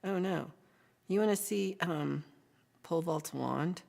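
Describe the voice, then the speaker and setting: A woman's voice: fairly low pitch, takes it slowly, gravelly, darkish tone. A woman hosting a casual livestream, chatting with viewers and reading their messages aloud, with frequent ums. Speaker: livestream host.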